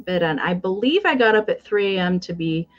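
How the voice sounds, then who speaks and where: A woman's voice: fairly low pitch, lively intonation, a little fast, muffled recording. A woman hosting a live-stream sale in a casual, chatty way, describing each item in detail with frequent ums and counting down bids.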